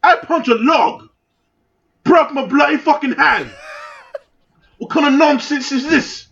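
A man's voice: mid-range voice, rapid-fire, slight background noise, voice pushed down, natural voice. A man doing an over-the-top, badly faked British accent as a rowdy, swearing pub bloke. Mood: outraged. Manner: profane, exaggerated, self-admittedly terrible British accent. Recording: lo-fi, dull sound.

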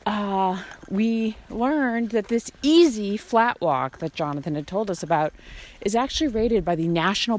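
A woman hosting a podcast, chatting playfully and teasingly while out on a hike outdoors. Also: mid-range voice. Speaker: podcast host. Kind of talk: casual chat recorded on a hike. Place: outdoors on a trail.

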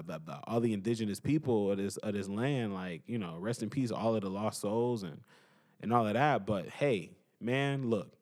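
A young man hosting a podcast, telling stories in a loose, rambling way with slang, joking and laughing, then going soft when things turn emotional. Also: medium pitch. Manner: animated, laughs and jokes between soft emotional stretches. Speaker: podcast host. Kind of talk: casual monologue. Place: at home.

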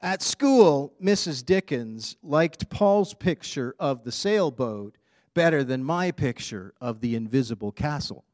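A man's voice: medium pitch, expressive, unhurried, darkish tone, dry recording, studio quality, close to an everyday voice. A man voicing a grumpy young boy who complains about his bad day, reading a storybook aloud.

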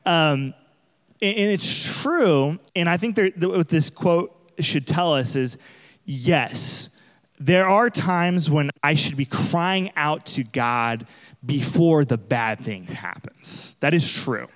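A young man preaches a casual, conversational sermon, animated and often acting out the voices of the people he talks about. His voice is on the high side and slow-paced. The audio has a big-room sound.

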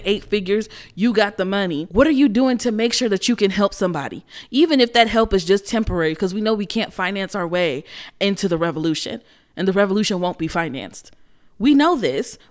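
A young woman giving casual social commentary, blunt, profane and emphatic. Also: mid-range voice.

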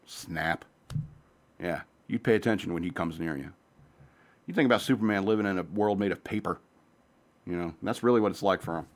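Low-voiced man rambling casually as host. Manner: rambling, profane, jumps between topics; says he talks fast. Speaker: podcast host.

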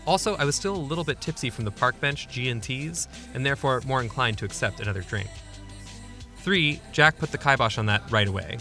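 A man's voice: medium pitch, lively intonation, brisk, bright, forceful tone, faint music behind. A young man narrating his own memoir in a wry, self-deprecating, conversational way. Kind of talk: memoir storytelling.

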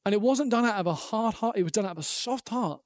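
High-voiced preacher, earnest. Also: male voice, quick pace, no room sound, clean studio sound. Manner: earnest, animated storytelling with acted quotes. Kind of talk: sermon.

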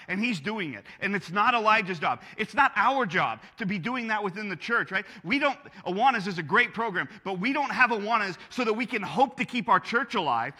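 High bright-voiced preacher in a reverberant hall. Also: male voice. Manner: earnest, conversational preaching with rhetorical questions. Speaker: pastor. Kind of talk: sermon.

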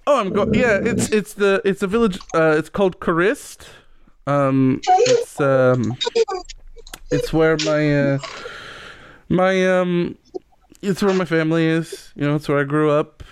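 A man's voice: a little high, expressive, a little slow, smooth. A man voicing a tall, slender male elf who is friendly and stumbles over his words. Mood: hesitant.

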